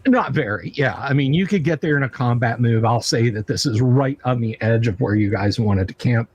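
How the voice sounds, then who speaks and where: A man running a tabletop game as game master, halting with many filler sounds. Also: mid-range voice, darkish tone, husky, highs cut off. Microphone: video call mic.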